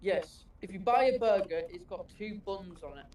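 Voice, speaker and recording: A man's voice: sits high, moderate pace, darkish tone, far from the mic. A man from England with an English accent, a guest on a livestream, patiently explaining in casual chat. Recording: roomy with faint noise.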